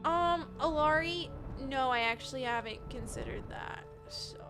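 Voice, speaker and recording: Woman, 20s, high voice, chatty live streamer, flustered and giggly, game music underneath. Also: unhurried. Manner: chatty, reads chat aloud, laughs often, flustered. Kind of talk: casual live-stream chat while gaming.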